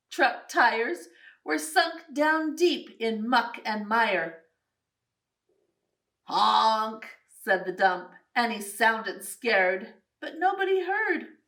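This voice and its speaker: A woman reading a picture book aloud for children in an animated, sing-song way, making animal sounds along the way. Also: high-pitched, distant mic. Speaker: children's storyteller.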